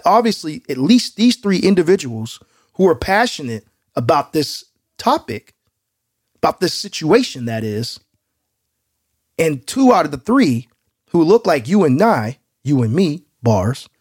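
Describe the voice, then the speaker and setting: A man co-hosting a podcast in casual chat, animated and joking. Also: fairly high pitch, husky. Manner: animated and joking, quick to laugh. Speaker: podcast co-host.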